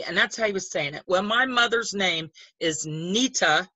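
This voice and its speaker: A woman's voice: medium pitch, lively intonation, a little slow, hardly any pauses, pushed and bright, dry recording, low-quality recording. An older woman telling stories in a chatty, rambling way with many restarts, her voice lifting when she quotes others. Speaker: guest. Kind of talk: casual storytelling.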